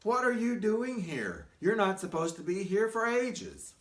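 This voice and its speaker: A man's voice: high voice, sing-song, a little slow, fairly bright tone, voice pushed up, exaggerated voice. A man voicing God as an exasperated, matter-of-fact deity. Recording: echoey room, mic far off.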